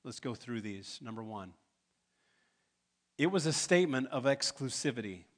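A man's voice: medium pitch, lively intonation, normal speed. A man preaching a sermon as pastor, emphatic, building to urgent pleas.

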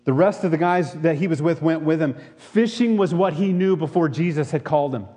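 Male pastor with a slightly high voice, preaching a sermon in an echoing hall and pressing listeners with questions. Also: brisk, warm tone. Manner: reads scripture, then preaches with rhetorical questions.

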